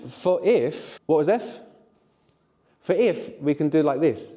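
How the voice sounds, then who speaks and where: A middle-aged man teaching a live workshop, encouraging the learners and often checking in with a quick "no?". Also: on the high side, expressive, warm tone, long reverb tail. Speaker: language teacher.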